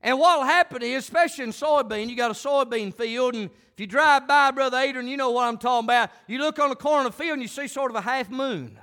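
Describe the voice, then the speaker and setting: A man preaching a folksy country sermon, building up to shouted, fervent passages. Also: very high-pitched, fast talker, few pauses. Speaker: pastor.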